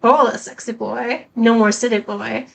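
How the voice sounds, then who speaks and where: A woman voicing a young female drifter reading her letter aloud in a put-on Southern US accent, halting as she reads. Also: on the high side, steady tone, creaky, low-quality recording. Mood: affectionate.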